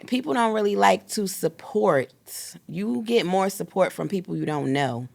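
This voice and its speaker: A woman in her thirties, a guest in an interview, talking in a rambling, animated way and acting out quoted dialogue. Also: medium pitch, moderate pace, gravelly. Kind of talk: casual interview storytelling.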